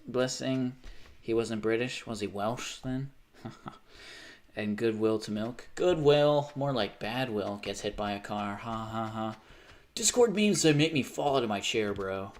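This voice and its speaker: A man's voice: mid-range voice, moderate pace. A man chatting casually with his live stream chat while gaming, joking and sarcastic.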